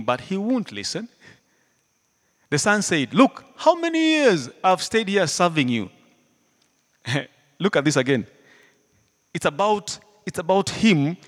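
Animated preacher man in a reverberant hall. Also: on the high side, a little slow, pauses often. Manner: animated, swings from loud to hushed, laughs often. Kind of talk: sermon.

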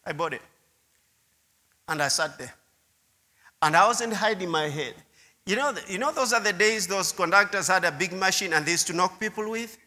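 A man's voice: high voice, expressive, moderate pace, long pauses, sharp tone. A man preaching a sermon testimony, telling his story with repeated words and asides to the listeners. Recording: long hall reverb.

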